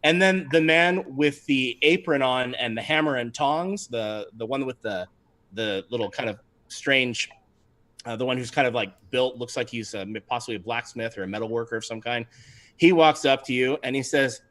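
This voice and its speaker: A man's voice: medium pitch, moderate pace, a bit bright. A man narrating as game master in a tabletop game, rambling and laughing often.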